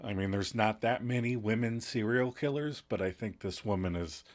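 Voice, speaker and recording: A man co-hosting a podcast, recapping casually with dry, wry asides. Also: normal speed. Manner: dry, wry asides, drops low for deadpan jokes. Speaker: podcast co-host.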